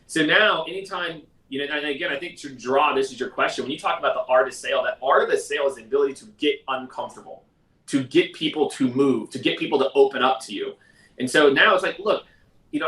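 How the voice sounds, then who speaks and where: A man hosting a live sales question-and-answer stream in a casual, energetic, conversational way. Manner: energetic, conversational, mimics others in a high voice. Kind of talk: casual livestream talk. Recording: roomy echo, mic at a distance.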